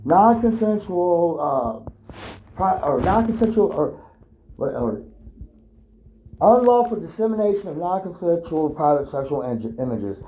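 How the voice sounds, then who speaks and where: A man's voice: on the high side, lively intonation, dark tone. A man telling a rambling personal story, swearing often and stopping to restart his sentences. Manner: profane, halting, full of fillers and restarts. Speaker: storyteller recounting his own ordeal. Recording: dull lo-fi recording with faint hiss.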